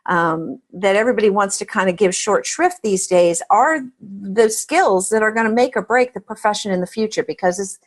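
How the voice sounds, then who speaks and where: A woman's voice: medium pitch, normal speed, few pauses. A middle-aged woman, a guest on an interview podcast, explaining her views emphatically and telling stories. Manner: emphatic, storytelling. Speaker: podcast guest, accounting advisor. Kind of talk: interview answer.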